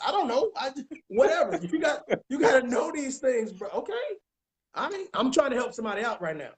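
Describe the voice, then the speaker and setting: A man's voice: very high voice, sing-song, a little fast. A man coaching on relationships in casual chat, emphatic and repetitive, often checking that listeners follow. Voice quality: emphatic, repeats phrases, keeps asking if you understand. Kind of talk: casual advice talk.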